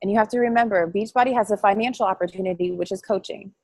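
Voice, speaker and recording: A woman giving a chatty, excitable motivational talk to her coaching team over a call, rambling and quick to laugh. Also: mid-range voice. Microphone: phone or call line.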